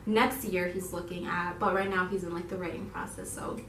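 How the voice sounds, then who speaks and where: A woman's voice: fairly low pitch, fairly quick, heavy background noise. Giggly young woman telling a story in a roomy space. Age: young adult. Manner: animated, giggly, quotes herself in excited voices. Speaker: YouTube channel co-host. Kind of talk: casual storytelling to viewers. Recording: roomy echo, voice from a distance.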